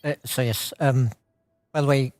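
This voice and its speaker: A man's voice: medium pitch, fairly even intonation, measured pace, a little mellow, no echo. A man hosting a live game stream, chatting and commenting on gameplay, laughing often and restarting his words.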